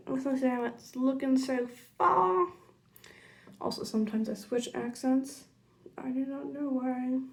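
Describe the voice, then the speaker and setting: A young woman chatting casually through a makeup tutorial, rambling into side stories and muttering quietly while she works. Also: high voice. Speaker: makeup vlogger.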